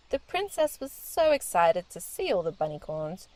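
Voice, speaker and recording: A woman reading a children's storybook aloud in a gentle, expressive storytelling manner. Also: on the low side, moderate pace, hardly any pauses.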